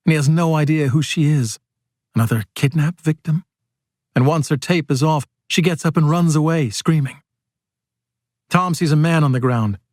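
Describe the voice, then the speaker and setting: A man narrating an audiobook in a steady, measured reading voice. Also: a little high, no echo, studio quality.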